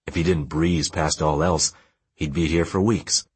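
A man reading an audiobook in a steady, measured storytelling manner. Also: rumbling low, breathy edge, no room sound. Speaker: audiobook narrator. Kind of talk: scripted narration.

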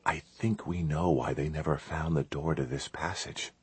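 A man voicing a young man who speaks in a hushed whisper. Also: a bass voice, fairly even intonation, moderate pace, slightly rough, dry recording, voice pushed down, full character voice.

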